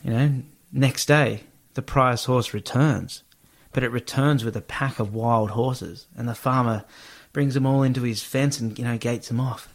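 A man's voice: mid-range voice, steady tone, normal speed. Young aussie man, easygoing podcast storyteller, swears a lot. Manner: laid-back, swears freely, lots of fillers. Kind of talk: casual storytelling chat.

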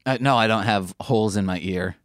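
A man co-hosting a podcast in casual chat, quick and joking, swearing and mimicking lines in funny voices. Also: fairly low pitch, no room sound, clean studio sound. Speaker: podcast co-host.

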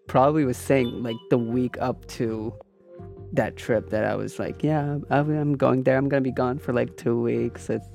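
A man's voice: medium pitch, steady tone, moderate pace, gravelly, a little mellow, faint music behind. A man co-hosting a live podcast stream, talking casually and rambling, with many restarts and fillers. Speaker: podcast co-host streaming on Twitch.

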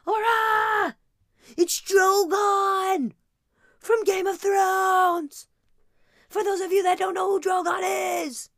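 A woman's voice: very high voice, steady tone, slow, fairly bright tone, no echo, clean studio sound, voice pushed up, full character voice. A woman voicing a frightened little girl who screams frantically about monsters in the water. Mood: terrified. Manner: shrieking, frantic.

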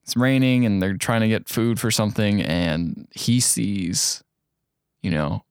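A man's voice: fairly low pitch, a little slow, darkish tone, clean tone, no room sound, clean studio sound. A young man co-hosting a podcast, casually recapping a movie plot and acting out lines in silly voices. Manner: jokey, acts out characters in silly voices. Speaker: podcast co-host.

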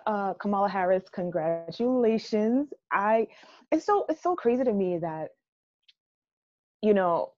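A young woman from Jamaica chats casually as a co-host, emphatic and animated, breaking into laughing asides. Her voice sits low and warm. The recording sounds dull and lo-fi. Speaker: podcast co-host. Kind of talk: casual chat.

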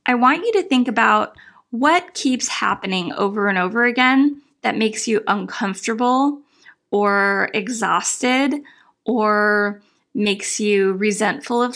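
A woman's voice: on the high side, fairly bright tone. A middle-aged woman giving firm, step-by-step advice as a self-help coach, talking straight to her audience. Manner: firm, instructive, emphatic. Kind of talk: direct-to-camera advice talk.

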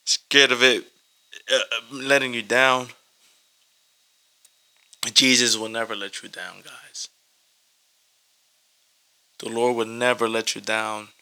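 A man's voice: mid-range voice, flat delivery, slow pace, long pauses, bright, forceful tone, poor audio. A man reading scripture and preaching in an informal online sermon, emotional and near tears, repeating words and calling listeners "guys.".

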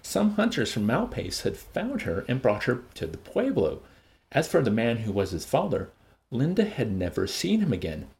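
A man hosting a show and reading a novel aloud in an expressive, varied voice. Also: mid-range voice, moderate pace, gravelly.

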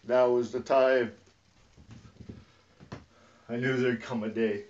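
Angry guy cussing up a storm, goes quiet then yells, sounds far off from the mic. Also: mid-range voice, fairly even intonation, slow pace, pauses often. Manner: profane and agitated, swinging from muttering to yelling. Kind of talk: rambling emotional rant to camera. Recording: distant, dull lo-fi recording.

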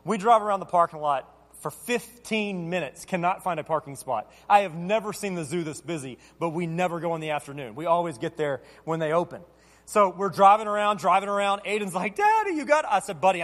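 A man in his thirties with a notably high voice, preaching as a pastor. He tells a humorous story against himself in an animated way and plays out the conversations. His voice rings with the long reverb of a big hall. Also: fairly quick. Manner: animated, self-deprecating storyteller acting out dialogue. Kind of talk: storytelling sermon.

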